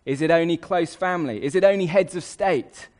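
An eager reporter presses for answers, firing off one question after another, as a man puts him on. The voice sits a little high. The questions come quick and insistent. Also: a little mellow, close to an everyday voice. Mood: pressing. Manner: rapid questioning.

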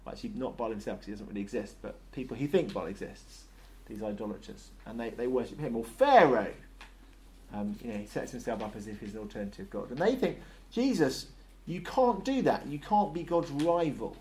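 A man's voice: on the low side, animated, fast talker. Conversational male preacher. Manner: conversational, acts out short voiced dialogues. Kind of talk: sermon.

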